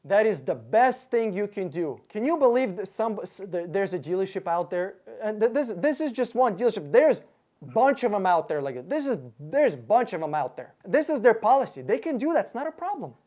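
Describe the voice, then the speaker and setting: A man's voice: sits high, big pitch swings, a little fast, darkish tone. Profane, angry man ranting to camera. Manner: angry, profane, sarcastic, thinks aloud through sums; stumbles and restarts words often. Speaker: car buying advisor and channel host. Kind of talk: casual rant to camera.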